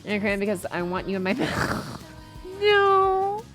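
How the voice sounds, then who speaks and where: A woman with a Southern US twang, talking casually on a game stream. She rambles and swears offhandedly at a middling pitch, with faint music underneath. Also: level tone, moderate pace. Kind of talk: casual livestream chat.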